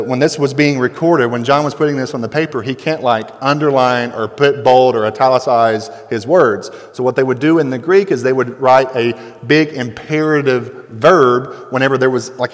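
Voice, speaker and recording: A male pastor in his thirties delivering a sermon with emphatic, building intensity, drawing out key words for weight. His voice sits at an ordinary mid pitch. The sound carries a long reverb, like a large sanctuary.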